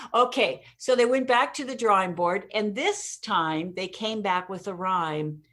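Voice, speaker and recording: An energetic woman answering interview questions, her voice sitting at an ordinary middle pitch. She tells stories with emphasis and punch and is quick to laugh at her own jokes. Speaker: interview guest, communication expert. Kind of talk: conversational interview.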